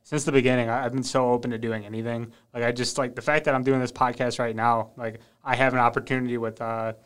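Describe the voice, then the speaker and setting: Sex: man. Quality: smooth voice. Role: laid-back podcast host. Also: mid-range voice, level tone, fast. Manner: laid-back, rambling, with filler words. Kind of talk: casual interview chat. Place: podcast studio.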